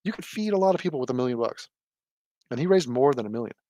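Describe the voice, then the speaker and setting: A man's voice: lively intonation, fast, warm tone, no echo. A man giving sarcastic, mocking live commentary from a desk at home. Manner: sarcastic, mocking, mimics people in a low mumble. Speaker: political commentator.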